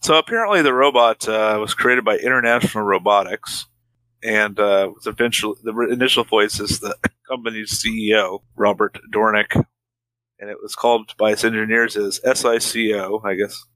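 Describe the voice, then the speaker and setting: A man's voice: fairly low pitch, moderate pace, bright, forceful tone, no room sound, rough recording. A man co-hosting a podcast, adding dry wisecracks and reading trivia aloud. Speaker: podcast co-host. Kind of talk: casual movie chat.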